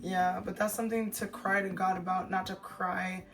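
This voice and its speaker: A woman's voice: lowish voice, normal speed. Candid young woman vlogging in an echoey room. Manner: candid, animated, rhetorical questions. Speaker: lifestyle vlogger. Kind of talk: casual vlog talk to camera. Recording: roomy echo, faint music.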